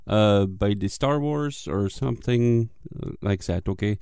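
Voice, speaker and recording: A man's voice: lowish voice, measured pace, creaky, few pauses, mellow, smooth, no echo, studio quality. A man rambling jokingly as he introduces his audition. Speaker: voice actor auditioning. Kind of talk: casual audition chat.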